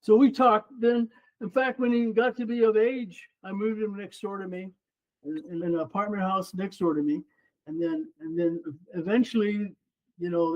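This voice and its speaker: Older man, high voice, dull lo-fi sound. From Mexico. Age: 70s. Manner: earnest, heartfelt, leans on "you know". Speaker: guest, former runner and coach. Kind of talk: personal storytelling in conversation. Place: room at his home.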